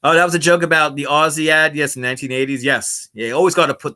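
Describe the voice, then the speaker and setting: A man's voice: on the high side, fairly even intonation, fast talker, pushed and bright. A man chatting playfully on a livestream, reading comments and laughing often. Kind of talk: casual live chat reading comments. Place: indoors at home. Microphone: wireless clip-on mic.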